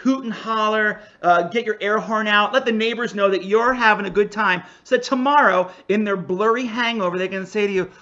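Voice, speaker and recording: An energetic improv comedy referee hosting a virtual show from home over a video call, joking playfully with the audience. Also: medium pitch, a little fast, hardly any pauses, muffled recording. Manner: jokey, energetic, playful asides. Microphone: home video call mic.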